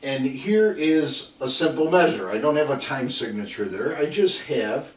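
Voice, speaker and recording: A middle-aged football coach lectures in a mid-range voice with lively intonation and a moderate pace. Emphatic and repetitive, he repeats drill calls, tells stories, and acts out his players. The recording sounds roomy, as if from a distant mic.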